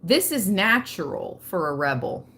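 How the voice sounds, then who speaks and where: Brief: woman tarot reader on a livestream, lowish voice, unhurried, chatty, laughs a lot. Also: big pitch swings, bright, forceful tone. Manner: chatty, laughs often, addresses viewers directly. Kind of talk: casual spiritual reading to a live chat.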